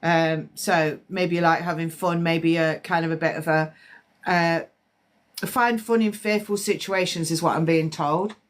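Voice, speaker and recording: Lady psychic on a live stream, lowish voice, a bit stuffy, rambles and chats to the comments. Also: fairly even intonation, unhurried. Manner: chatty, rambling, talks to viewers' comments. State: slightly congested. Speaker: psychic medium. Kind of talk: live-stream spiritual readings.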